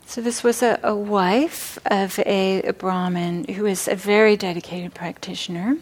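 A woman giving a dharma talk at a meditation center, telling a teaching story with frequent pauses and fillers. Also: medium pitch, steady tone. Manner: warm storytelling, hesitant fillers.

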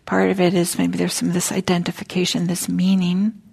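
A woman gives a meditation talk in a soft, unhurried way, often sinking to a near whisper. Her fairly low voice has a gravelly, husky edge. She muses aloud with casual fillers. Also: completely flat delivery. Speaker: meditation teacher. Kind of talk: dharma talk. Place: meditation hall.

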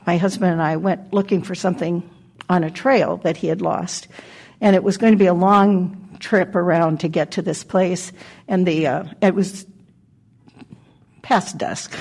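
An older woman gives a dharma talk in a low, gravelly voice with a husky edge. Her tone is mellow and dark. She speaks gently and reflectively, leaving pauses and laughing softly. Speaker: meditation teacher. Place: meditation hall.

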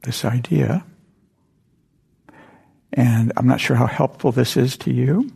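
Gravelly older man giving a dharma talk. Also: mid-range voice. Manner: gentle, halting storytelling with frequent whispered asides. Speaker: meditation teacher. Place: meditation center hall.

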